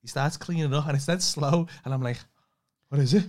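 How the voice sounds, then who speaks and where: A man co-hosts a casual podcast chat at a rapid clip. He tells stories with lots of swearing and animation, slipping into other people's voices as he goes. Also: a little high. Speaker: podcast co-host.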